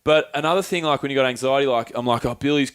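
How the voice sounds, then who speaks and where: A man's voice: medium pitch, quick pace, a bit bright, clean tone, dry recording, studio quality. A young man co-hosting a podcast, telling a personal story in casual chat, swearing freely and acting out his friends' voices. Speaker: podcast co-host.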